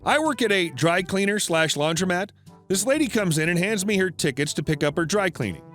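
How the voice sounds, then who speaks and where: A man reads an internet story aloud in a plain, steady storytelling delivery. His voice sits high for a man and moves with a lively lilt. Soft music plays faintly behind him. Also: fairly quick. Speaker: narrator. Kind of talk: narrated internet story reading.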